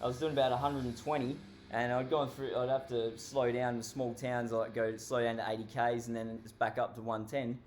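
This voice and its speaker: A man's voice: mid-range voice, little pitch movement, a little fast, few pauses, a little hiss or hum. An Australian man telling a story casually, rambling and swearing constantly, often laughing. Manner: heavily profane, rambling, laughs while telling.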